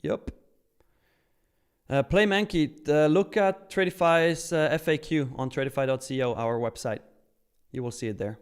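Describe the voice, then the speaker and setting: Hosting a live trading stream, this man from Switzerland stays upbeat and chatty, reading chat aloud and getting excited over milestones. His voice is a little high, clear, and resonant, at a moderate pace.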